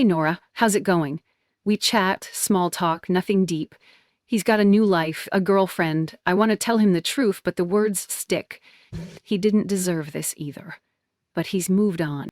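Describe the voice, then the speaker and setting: Woman, 20s, intense first-person story narration, low-ish pitch. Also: a little mellow, no echo, clean studio sound. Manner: emotional, intense.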